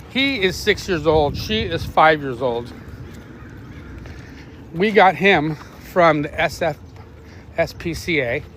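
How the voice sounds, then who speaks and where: A middle-aged man chatting casually while walking his dogs outdoors, rambling, swearing freely and barking quick commands at the dogs. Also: fairly high pitch, fairly bright tone, slight background noise. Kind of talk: casual live-stream chat. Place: outdoors on a neighborhood walk.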